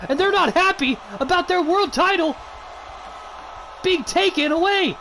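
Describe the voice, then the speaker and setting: A man calling a wrestling match as play-by-play commentator, excitable and full of exclamations. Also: very high voice, measured pace, vocal fry, a little hiss or hum.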